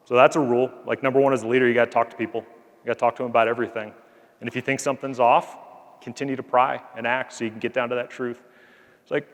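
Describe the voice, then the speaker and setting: Earnest military officer speaking in a hall. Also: male voice, mid-range voice, level tone, quick pace. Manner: earnest, conversational, frequent "like" fillers. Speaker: Air Force colonel addressing cadets. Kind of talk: motivational speech with anecdote. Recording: long hall reverb.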